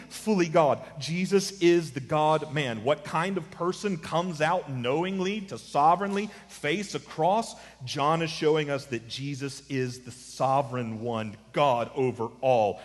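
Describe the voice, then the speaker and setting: A man's voice: a little high, unhurried, hardly any pauses. Preaching man in a reverberant hall. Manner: expository preaching, swings from quiet to emphatic; casual asides. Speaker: pastor. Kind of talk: sermon.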